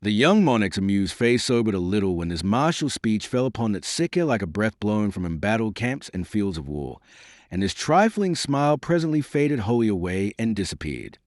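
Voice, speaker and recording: A man narrating a historical novel as an audiobook, in a measured, expressive reading on a close mic. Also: on the low side, no echo. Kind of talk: storybook narration.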